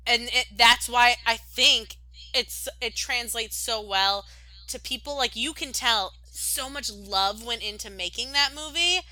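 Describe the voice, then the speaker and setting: A woman's voice: a little high, a little slow, bright, forceful tone, no echo, poor audio. Young woman gushing on a podcast, lots of "like", dry close mic. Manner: gushing, rambling, many "like"s. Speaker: podcast co-host. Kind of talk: casual chat.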